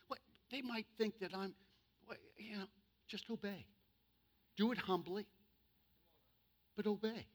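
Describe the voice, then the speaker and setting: A male pastor preaching to his church, humorous, with sudden loud bursts and slow, emphatic stretches. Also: high-pitched. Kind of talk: sermon.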